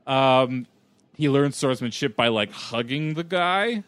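A man chimes into a film discussion with an animated, swooping delivery and easy chuckles. The recording is dry and close, with little room sound. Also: mid-range voice, slow, no room sound. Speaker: podcast co-host.

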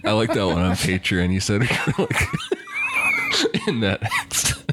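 A man's voice: mid-range voice, wildly swooping pitch, slow pace, heavy background noise. A man co-hosting a podcast, chiming in with questions and chuckles in casual chat.

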